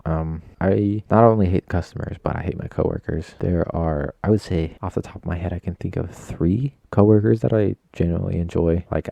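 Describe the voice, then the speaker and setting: A man's voice: deep voice, creaky, mellow, no room sound. A young man hosting a casual solo podcast, rambling in a crude, self-mocking way. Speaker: podcast host.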